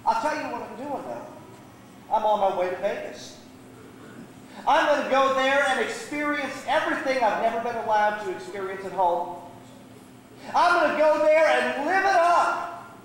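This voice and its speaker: A man's voice: sits high, lively intonation, moderate pace, darkish tone, distant mic, slight background noise, pitched above the performer's own voice. A man voicing a reckless young brother who squandered his fortune, talking brashly, in an echoey church hall. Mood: boastful. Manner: boastful, brash. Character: reckless young man, cocky then broke.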